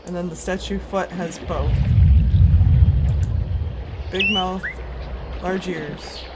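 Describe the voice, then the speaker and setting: A woman's voice: on the low side, fairly even intonation, slow pace. A woman streaming a game from her home basement, thinking aloud and chatting casually with her viewers. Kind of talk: casual live-stream commentary. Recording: home stream mic with loud background noise.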